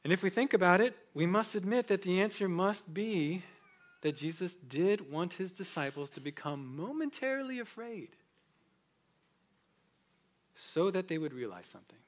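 A man pastor preaching a sermon, swinging between loud emphatic peaks and hushed low passages. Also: expressive, moderate pace.

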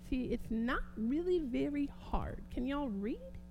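A woman preaching a sermon, fervent and swinging from quiet talk to loud exclamations. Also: sits high, big pitch swings, unhurried, few pauses, lo-fi sound, soft background music.

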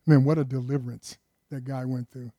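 A man's voice: mid-range voice, level tone, a little fast, mellow, dry recording, studio quality. A man preaching a conversational sermon in a folksy way, often putting questions to his listeners.

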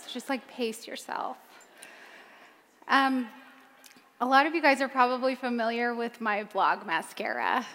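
A woman's voice: a little high, a little slow, long pauses, pushed and bright, long reverb tail, a little hiss or hum. A woman on stage giving a personal talk to a crowd, chatty with many ums, her voice a little cracked from screaming. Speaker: keynote speaker, founder of a makeup line.

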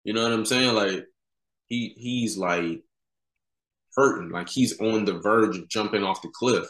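A man's voice: on the low side, unhurried, a bit bright. A man in his thirties, a podcast guest, telling personal stories in a candid, casual, slangy way. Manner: casual slangy talk, many "you know" fillers. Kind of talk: candid conversational storytelling. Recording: roomy echo.

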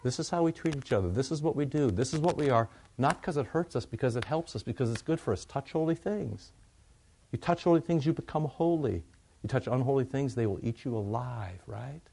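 A man's voice: medium pitch, brisk, creaky, warm tone, slight background noise. A man preaching a sermon in a conversational way, often asking questions and answering them himself.

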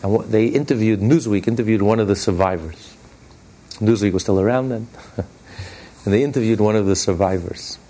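A man's voice: fairly low pitch, brisk, dark tone. Emphatic male rabbi teaching a lesson. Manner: emphatic, repeats key phrases, rising on points; plainspoken, conversational storyteller with restarts. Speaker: rabbi teaching a Torah class. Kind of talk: spoken religious lesson with storytelling.

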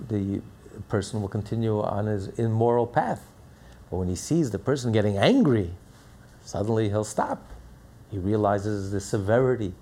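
A man's voice: on the low side, warm tone, breathy edge. A man teaching a religious lesson in an emphatic manner, with rhetorical questions and repeated phrases. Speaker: Torah teacher.

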